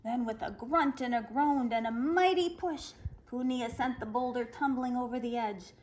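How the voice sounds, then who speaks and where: A woman reading a folktale aloud to children, expressive and animated. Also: fairly high pitch, normal speed, low-quality recording. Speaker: children's storyteller.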